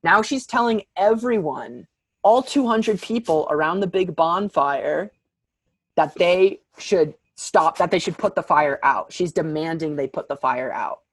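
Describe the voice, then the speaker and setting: This podcast guest is a young man with a husky voice on the high side, speaking unhurriedly with no echo. He tells his story casually and with animation, leaning on fillers and frequent "like".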